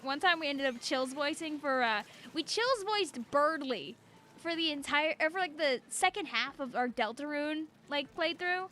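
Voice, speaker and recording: A chatty young woman talks while streaming a game, her voice high and bright. She rambles in a bubbly, casual way and laughs often. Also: normal speed, hardly any pauses, slight background noise. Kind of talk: casual gameplay chat.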